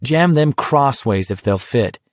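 A man reading aloud, voicing a stubborn young man from a small town, who answers in flat, terse lines. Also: medium pitch, measured pace, no room sound, natural voice.

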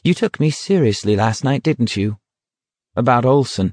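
A man's voice: mid-range voice, animated, moderate pace, a little mellow, dry recording, studio quality, close to an everyday voice. A man reading a sardonic, mocking young man. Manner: sardonic, clipped and dismissive.

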